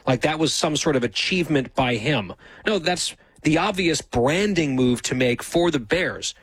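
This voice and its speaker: A man's voice: fairly high pitch, animated, normal speed, fairly bright tone, breathy edge, no room sound. A male talk host with a dry, sarcastic delivery, recorded close and dry with no room sound. He sets up clips and comments on the news.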